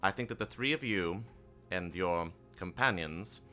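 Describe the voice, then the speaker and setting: A man voicing a composed female naval admiral who speaks in a calm, measured way in a tabletop game. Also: deep voice, soft background music, voice pushed down. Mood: cool, assured.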